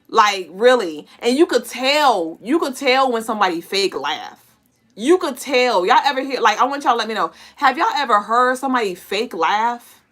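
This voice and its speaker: A woman's voice: fairly high pitch, expressive, moderate pace, a bit bright. A woman hosting a casual collective intuitive reading, talking bluntly and animatedly to listeners, with plenty of cursing and laughter. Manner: addresses listeners directly as y'all and collective. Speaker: spiritual reader and podcast host.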